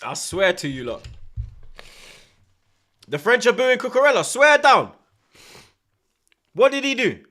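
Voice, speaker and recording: A young man, reacting loudly to a live football match and chatting to his stream's viewers, swearing and laughing often in heavy slang. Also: very high voice, sing-song, unhurried, pauses often. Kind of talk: live watchalong commentary and chat.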